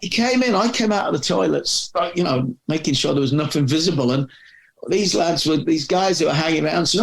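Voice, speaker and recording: Chatting casually on a podcast, a middle-aged man who used to edit a magazine spins out long, rambling anecdotes, frequently starting his sentences over. He speaks fairly quickly in a slightly high, creaky voice.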